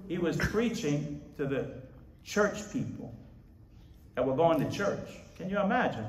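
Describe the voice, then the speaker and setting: A male pastor preaching an animated sermon, his voice booming when he quotes scripture. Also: a little slow. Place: large church hall. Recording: echoey hall, voice from far off.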